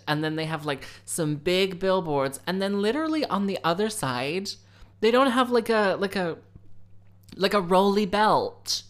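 Chatty low-voiced young woman. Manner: rambling, chatty, sarcastic, acts out voices. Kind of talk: casual storytelling monologue.

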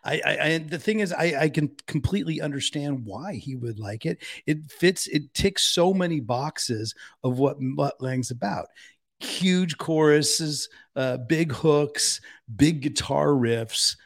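A man hosting a casual interview, relaxed and joking, laughing often. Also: a little high, unhurried, creaky. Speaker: podcast host.

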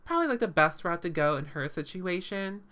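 A woman's voice: lowish voice, lively intonation, a little fast, fairly bright tone. A woman hosting a podcast, recapping a show in casual, sarcastic chat full of fillers and swearing.

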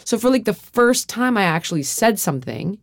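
A woman's voice: mid-range voice, big pitch swings, fairly quick, no echo, studio quality. A middle-aged woman hosting a podcast, speaking frankly and confessionally, often saying "like" and swearing freely. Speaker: podcast host. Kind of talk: candid personal conversation.

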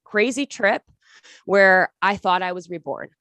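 A woman's voice: mid-range voice, a little slow, a bit bright, dry recording. A young woman being interviewed as a podcast guest, telling her story in an earnest, emotional, rambling way with many restarts.

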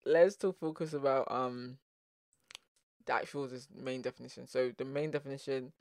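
A young adult with a South London accent chats straight to the camera, animated and rambling, breaking into laughter often. The voice sits in a middle pitch. The sound is close and dry, with no room echo. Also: normal speed. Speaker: vlogger. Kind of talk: casual vlog monologue.

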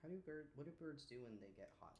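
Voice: medium pitch, animated, fast talker, darkish tone, slight background noise. A podcast co-host in casual movie-recap chat, playful and full of hypothetical questions.

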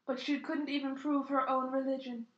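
A woman's voice: sits high, level tone, normal speed, echoey room, dull audio. A young woman reading fan fiction aloud in a mock-earnest, dramatic comic tone. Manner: mock-earnest, putting on voices for quotes.

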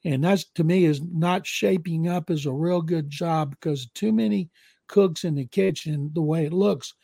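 A man's voice: on the high side, moderate pace, gravelly, mellow, no room sound. Older Southern man spinning blunt yarns. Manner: rambling anecdotal, blunt opinions. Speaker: veteran NFL writer, guest. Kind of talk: casual storytelling and football analysis.

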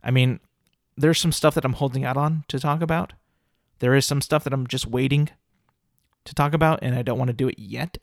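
Solo male podcaster, fed-up rant, dry close mic, middle pitch. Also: brisk, creaky, no echo. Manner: exasperated, ranting, many fillers and restarts. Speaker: podcast host.

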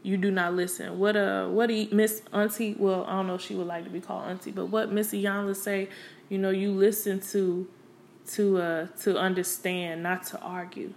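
A woman's voice: mid-range voice, little pitch movement, normal speed, gravelly, a little mellow, slight background noise. A young woman talking casually to camera, candid and blunt, full of "you know" and "like" and plenty of cursing. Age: young adult. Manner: candid, blunt, and streetwise, with frequent profanity; conversational, with many fillers like "you know" and "like". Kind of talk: casual opinion monologue.

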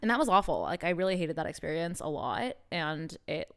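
A woman's voice: low-pitched, expressive, fairly quick, a bit bright, clean tone. A young woman co-hosting a podcast, telling a dating story in candid casual chat with many fillers. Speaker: podcast co-host.

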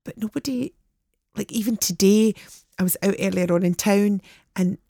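A Scottish woman around fifty, a guest telling lively stories in casual chat and laughing often. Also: mid-range voice, normal speed, gravelly, no room sound, clean studio sound.

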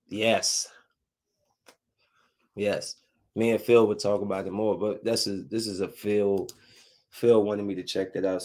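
A man's voice: lowish voice, darkish tone. A man in a casual vlog, bluntly reviewing a show, rambling and repeating himself for emphasis. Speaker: vlogger reviewing shows. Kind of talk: casual chat.

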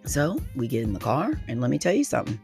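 A woman hosting a solo podcast, telling a personal story in an animated way, with frequent exclamations and laughing at herself. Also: extremely low pitch, fast talker, soft background music. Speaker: podcast host.

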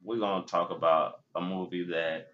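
A man in his twenties hosting a podcast, talking in animated slang and laughing often. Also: low-pitched, normal speed. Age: 20s. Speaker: podcast host. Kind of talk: casual chat. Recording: dull lo-fi podcast audio.

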